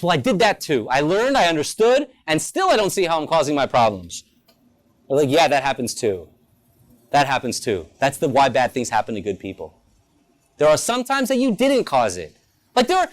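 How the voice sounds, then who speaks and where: Rabbi guy teaching a lunch class at school, talks in questions and jokes, voice jumps all over. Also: sits high. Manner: lively, rhetorical questions, playful asides. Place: school campus.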